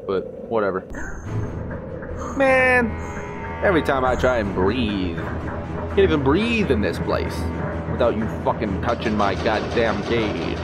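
Excitable swearing man over game music. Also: lowish voice. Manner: swearing, excitable, jumpy outbursts. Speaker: gaming streamer. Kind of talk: gameplay commentary.

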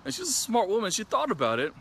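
Earnest man with a bright voice. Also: high voice, wildly swooping pitch, fast talker, creaky, a little hiss or hum. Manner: earnest, reflective, retells dialogue at length. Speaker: physician. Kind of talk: personal storytelling to camera.

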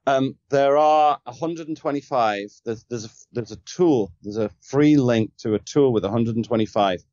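A man's voice: mid-range voice, normal speed, darkish tone, dry recording, dull audio. A man who is a sales trainer and podcast guest, talking in an emphatic, coaching way and often firing off rhetorical questions. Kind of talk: conversational coaching.

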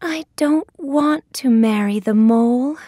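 A woman voicing a tiny gentle young girl in a storybook reading, high and sweet. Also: measured pace, no room sound, clean studio sound. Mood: sad.

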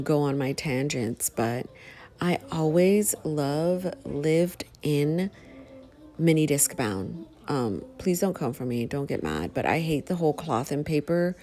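A middle-aged woman, chatting casually to her viewers while planning, rambling and expressive. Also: deep voice. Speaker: planner vlogger. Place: home.

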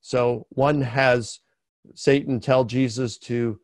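A man giving an academic lecture in a webinar, explaining slowly and deliberately and stressing key words with sharp rises. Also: medium pitch, fairly even intonation.

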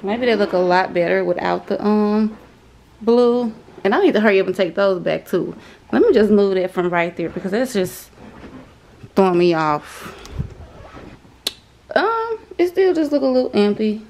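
A woman's voice: medium pitch, normal speed, gravelly, darkish tone, a little hiss or hum, poor audio. A young woman, chatting casually in her vlog, often frustrated and over it. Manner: chatty, drawling Southern slang, frustrated sighs. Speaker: vlogger. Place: home and craft store.

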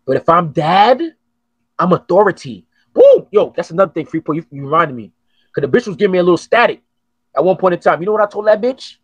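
Husky-voiced man hosting a casual podcast. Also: high voice, fast, no room sound, lo-fi sound. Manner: profane, animated storytelling. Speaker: podcast host. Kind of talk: casual chat.

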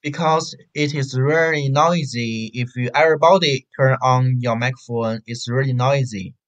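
A man with a Chinese accent teaching an online beginner Chinese class, repeating syllables slowly for drills over a video call. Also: mid-range voice. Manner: slow, repetitive drilling of syllables.

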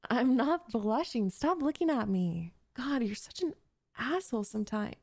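A woman's voice: a little high, expressive, normal speed, gravelly, a little mellow, no room sound, studio quality. A young woman voicing a possessive, jealous gamer girl in an audio role-play, talking in a bossy, defensive, flustered way. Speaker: voice actress.

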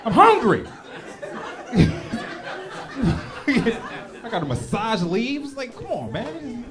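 Stand-up comic, man, 30s: high, swooping voice, brash and profane, laughing crowd behind. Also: drawn-out words. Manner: animated, profane, punchy storytelling. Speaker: stand-up comedian. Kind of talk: stand-up comedy set. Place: comedy club stage. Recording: live club show with crowd laughter. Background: audience laughter.

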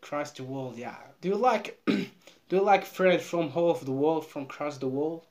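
A Moroccan woman with a Moroccan accent, chatting over a video call in halting English that she repeats as she goes. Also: low-pitched, darkish tone. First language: Moroccan Arabic. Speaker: vlogger. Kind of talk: casual video call chat.

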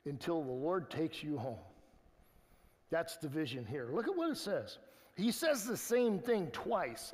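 A man preaching a sermon as pastor, in an earnest, conversational way with pauses and restarts. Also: a little high, long reverb tail. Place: church sanctuary.

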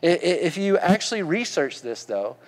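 A man's voice: sits high, sing-song, normal speed, in a large hall. A man with a Southern accent preaching a sermon in a folksy, conversational way, often asking the congregation questions. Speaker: pastor.

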